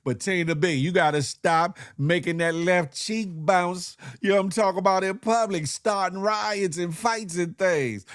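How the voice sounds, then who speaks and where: A man's voice: high-pitched, measured pace, hardly any pauses, fairly bright tone. A man hosting a morning show, giving playful, laughing comedic commentary. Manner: playful, laughing, slips into impressions.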